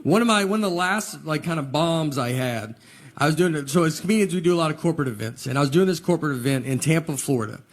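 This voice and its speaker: Deadpan Southern stand-up comic. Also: male voice, fairly high pitch. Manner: slow, deadpan storytelling with trailing pauses. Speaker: stand-up comedian. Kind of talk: stand-up comedy set. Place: comedy stage with live audience. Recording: noisy live audience recording.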